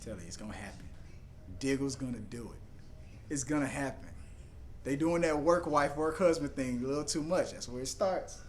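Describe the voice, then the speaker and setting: A young man hosting a live TV reaction, rambling and joking excitedly as he talks over the episode. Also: normal speed, slight background noise. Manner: excitable, rambling, jumps into high put-on voices for jokes. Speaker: reaction video host.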